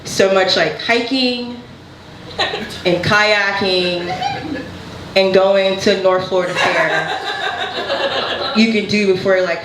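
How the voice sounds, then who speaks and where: A woman's voice: mid-range voice, animated, slow, pauses often. Candid woman doing stand-up. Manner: casual, candid, laughing through lines. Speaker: stand-up comedian. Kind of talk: stand-up comedy set. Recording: echoey room with background noise.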